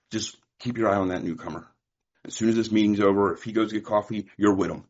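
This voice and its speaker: A man's voice: on the low side, darkish tone, husky. A man from California giving a candid, profane personal share at a recovery meeting, telling stories with quoted dialogue. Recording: muffled lo-fi recording.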